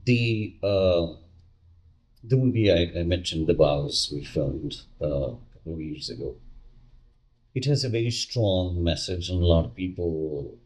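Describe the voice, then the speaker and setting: A man hosting a casual interview, making reflective, measured comments with some hesitation. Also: sits low, a little mellow, breathy edge. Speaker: host.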